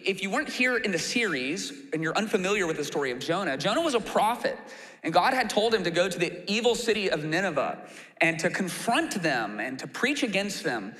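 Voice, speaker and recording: Lively, high-voiced pastor preaching in a hall. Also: male voice. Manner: animated, acts out quoted complaints in a raised voice. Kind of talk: sermon. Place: church auditorium.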